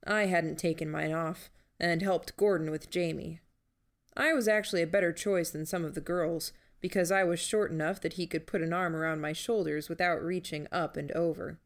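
A woman narrating a first-person novel in a measured, steady reading. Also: lowish voice. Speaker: audiobook narrator.

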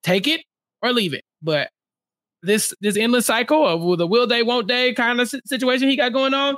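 A co-host in a casual TV recap chat, blunt and exasperated, dropping low for emphasis. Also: normal speed, fairly bright tone, no echo, clean studio sound. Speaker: podcast co-host.

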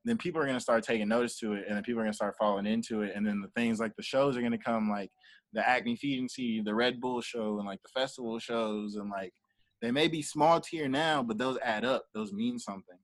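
A man's voice: mid-range voice, a little fast, no echo. Young guy telling stories in an interview, acts out the back and forth, dry close sound. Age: young adult. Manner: animated storyteller acting out quoted dialogue. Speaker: guest, entrepreneur and artist manager. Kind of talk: casual interview talk.

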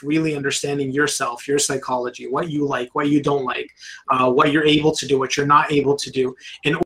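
A man's voice: medium pitch, fairly bright tone. A man as a scholar giving a religious reflection, reciting Arabic and then explaining it.

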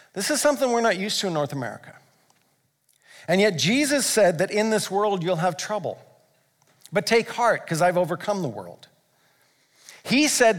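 Male pastor, high-pitched voice, earnest fervent sermon, long hall reverb. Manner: earnest, rising to fervent emphasis.

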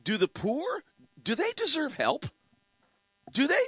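A man's voice: very high voice, huge pitch swings, a little slow, fairly bright tone, no room sound, clean studio sound. A man hosting a call-in radio show, preaching with fire and hammering his listeners with rhetorical questions. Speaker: radio talk show host. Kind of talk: impassioned call-in radio commentary.

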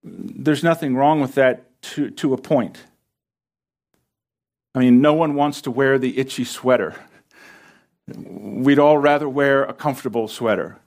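A man's voice: medium pitch, a little slow, long pauses, a little mellow. A man preaching an earnest sermon from a church stage, using repetition to drive his points home. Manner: earnest, builds emphasis through repetition. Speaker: pastor. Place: church stage under lights.

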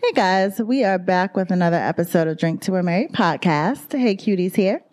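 A woman co-hosting a podcast in casual chat, chatty and quick to laugh. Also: on the low side. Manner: laughs often, lively and chatty. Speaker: podcast co-host.

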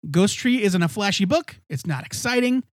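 A man's voice: sits high, animated, normal speed, no echo, clean studio sound. A man co-hosting a podcast, chatting casually about comics, rambling and correcting himself as he goes. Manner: rambling, self-correcting, laughs often. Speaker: podcast co-host. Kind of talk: casual comic review chat.

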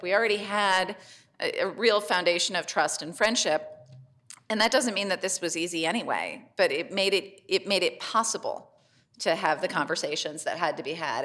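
Brief: woman panelist, lowish pitch, bright tone, earnest and heartfelt. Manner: warm, earnest, and emotional. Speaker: state legislator on a panel. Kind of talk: candid panel conversation at a live taping.

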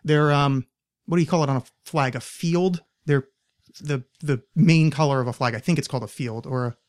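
A young man hosts a casual podcast chat. He rambles and sounds sardonic, with plenty of swearing. His voice sits slightly high for a man. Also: fairly quick. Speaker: podcast host.

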